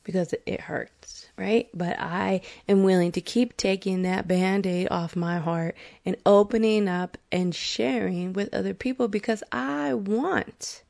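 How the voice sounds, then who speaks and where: A woman's voice: medium pitch, vocal fry, a little mellow. A woman in her forties hosting a podcast, speaking in an earnest, candid confessional monologue that is frank and sometimes profane, with bursts of laughter. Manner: earnest, candid, slow and deliberate. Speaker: podcast host.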